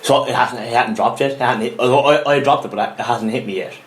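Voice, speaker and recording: A young Irish man co-hosting a podcast, telling a story in an animated, laughing way and swearing often. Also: medium pitch, fast talker. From Ireland. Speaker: podcast co-host. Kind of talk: casual chat, storytelling. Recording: echoey room.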